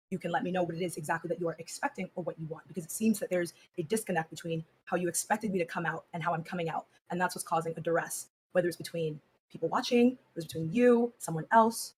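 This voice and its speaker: A woman co-host answering calmly in a flat, measured, serious monotone. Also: fairly low pitch, slight background noise. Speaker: co-host on a live stream. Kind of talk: serious on-air reply.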